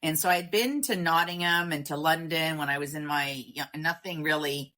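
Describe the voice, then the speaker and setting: Bright-voiced Canadian woman telling a story. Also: low voice, normal speed. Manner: rambling, with many fillers and laughs. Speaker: guest. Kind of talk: casual storytelling.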